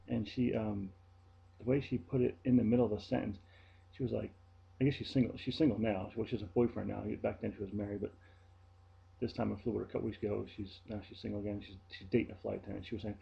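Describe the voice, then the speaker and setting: A man with a low, gravelly voice talks casually to his viewers. He tells the story in a chatty, blunt way. The sound is dull and lo-fi. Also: quick pace. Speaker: vlogger and flight attendant. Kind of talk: casual vlog monologue.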